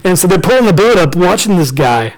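A man preaching a storytelling sermon, with a high-pitched voice. He talks in a lively, joking way and keeps acting out the people in the story. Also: fairly quick, poor audio. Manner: lively, joking, acts out the characters.

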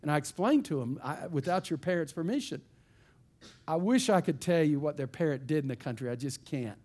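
A man from East Texas, a pastor telling a story in a sermon in an animated, folksy way. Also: a little high, fairly quick.

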